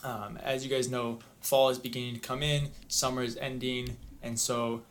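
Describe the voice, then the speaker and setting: Relaxed male game master narrating. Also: medium pitch, moderate pace, slight background noise. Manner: relaxed, many ums.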